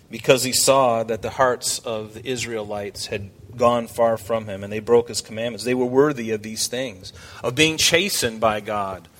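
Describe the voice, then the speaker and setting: A man preaching an expository sermon with a voice of middle pitch. He talks to his congregation in a conversational way and turns animated when he quotes scripture. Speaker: pastor.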